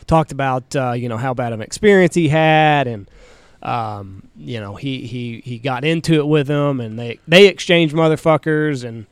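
A man's voice: medium pitch, moderate pace, clear, resonant tone, no room sound. A man co-hosting a podcast, rambling through a casual, profane story with plenty of fillers. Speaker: co-host.

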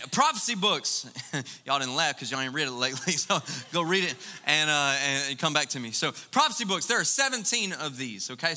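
Animated man preaching. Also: a little high, in a large hall. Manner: animated preaching with rhetorical questions and laughs. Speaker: pastor. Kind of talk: sermon.

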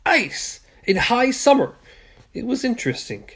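Slow, lively-voiced reader. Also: mid-range voice, breathy edge. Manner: lively, playful whispered asides. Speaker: co-host reading aloud. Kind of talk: casual read-aloud of a novel.

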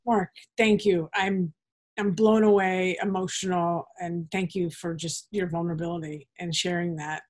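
A woman hosting an interview, responding to her guest in an earnest, measured way with soft, emphatic pauses. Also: lowish voice, level tone. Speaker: podcast host.

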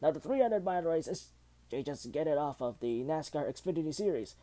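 Amateur male news host, mellow and relaxed, halting and rambling delivery full of restarts. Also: on the high side. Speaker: host of a homemade news show. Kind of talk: casual news roundup.

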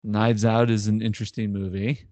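A man's voice: on the low side, little pitch movement, moderate pace, warm tone, no echo. A man co-hosting a casual podcast chat, dry, skeptical and stubborn. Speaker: podcast co-host.

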